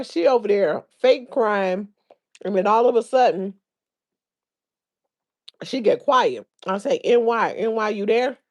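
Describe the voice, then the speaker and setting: A woman's voice: on the high side, darkish tone, highs cut off. A woman hosting a casual livestream, chatting and reading viewers' comments aloud, laughing often. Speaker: livestream host.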